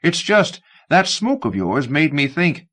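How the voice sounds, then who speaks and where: A man reading a story aloud, voicing a gentle, nostalgic old man who lingers softly over what he remembers. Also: fairly high pitch, very animated, unhurried, pitched above the performer's own voice, heavily acted.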